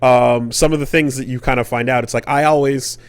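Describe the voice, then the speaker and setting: A man's voice: mid-range voice, steady tone, a little fast, smooth, no echo. A man co-hosting a podcast, telling a long casual story full of fillers and swearing. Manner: rambling and profane, with many fillers. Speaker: podcast co-host.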